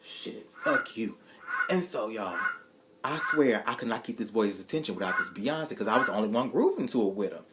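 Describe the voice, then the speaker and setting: A man telling a personal story to his viewers in a casual, profane, animated way, acting out the voices of the people in it and turning to his audience with asides. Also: on the low side, a little fast, very noisy.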